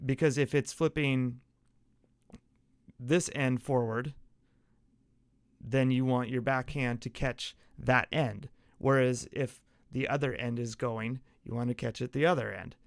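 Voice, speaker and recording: A man's voice: medium pitch, steady tone, a little slow, creaky, no room sound, studio quality. A man hosting a casual solo sports podcast, rambling through an explanation, acting it out with gestures and correcting himself along the way. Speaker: podcast host.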